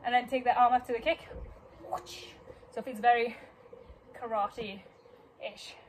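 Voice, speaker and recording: A woman's voice: fairly high pitch, fairly even intonation, takes it slowly, a little hiss or hum, low-quality recording. A young woman teaching a dance routine, counting beats and scatting the moves aloud, a little out of breath. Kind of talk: dance class instruction. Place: dance studio.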